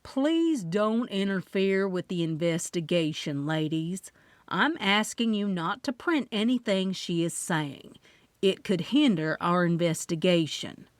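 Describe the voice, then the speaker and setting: A woman voicing a calm, persistent male police officer in an audiobook, speaking firmly. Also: fairly low pitch, a little slow, no echo. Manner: firm, procedural.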